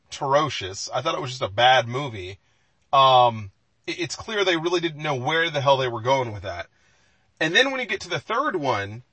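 Husky, dry-voiced man ranting casually. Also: fairly high pitch, pushed and bright, no room sound, poor audio. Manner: rambling, emphatic, with frequent restarts and profanity. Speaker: podcast co-host. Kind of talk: casual chat.

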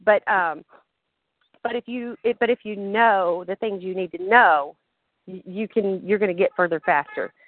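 A woman's voice: mid-range voice, normal speed. A woman with a Southern accent hosting a group phone call, chatty and laughing often, acting out the conversations she describes. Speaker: call host. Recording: tinny phone line, dry.

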